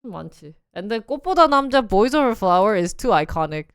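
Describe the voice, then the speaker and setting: Young woman, lively livestream chat, smooth clear voice, dry close sound, bouncy delivery. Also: mid-range voice, very fast, no room sound. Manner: animated, laughs often, acts out scenes in voices. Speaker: live streamer.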